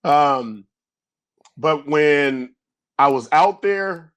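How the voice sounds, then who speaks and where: A middle-aged man, a former pro football player, telling loose, rambling stories in a casual podcast interview and acting out yelling coaches. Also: on the high side, extremely slow. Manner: animated storyteller, acts out coaches yelling; loose, rambling with many restarts.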